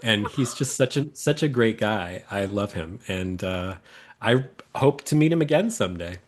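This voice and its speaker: A man's voice: on the low side, expressive, moderate pace. A man, a fan guest, recalling a meeting in a casual, enthusiastic interview, rambling with many fillers.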